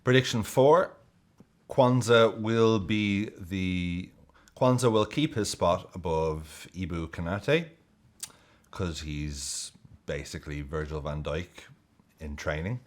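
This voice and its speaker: A man hosting a football video, giving jokey, excitable and sweary casual commentary. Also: low-pitched, slow.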